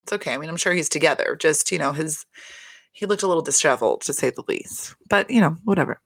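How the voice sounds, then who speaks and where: A woman giving a casual solo recap of a reality show, rambling and expressive, swearing freely and laughing often. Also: low voice, quick pace, vocal fry, no room sound, clean studio sound.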